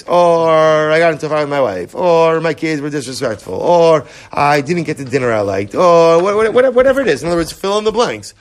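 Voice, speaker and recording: A middle-aged man teaching a Torah class to his study group, animated and repetitive, often acting out inner voices. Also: mid-range voice. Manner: animated, repetitive, acts out inner voices, mixes Hebrew terms.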